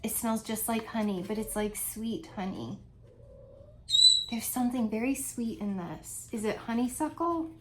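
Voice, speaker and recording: A woman's voice: fairly high pitch, unhurried, heavy background noise. Chatty woman rambling at home. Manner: chatty, rambling, laughs often. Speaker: vlogger. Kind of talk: casual chat.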